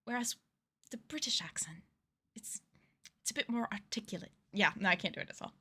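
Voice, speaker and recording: A woman's voice: medium pitch, fairly quick, sharp tone, slightly rough. A woman streamer in casual livestream chat while playing a game, chatty, giggly and self-deprecating.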